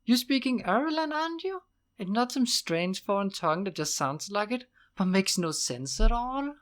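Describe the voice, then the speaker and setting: A man voicing an impulsive young male apprentice in an audiobook, with high, bursting outbursts. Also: sing-song, normal speed, fairly bright tone. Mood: exasperated.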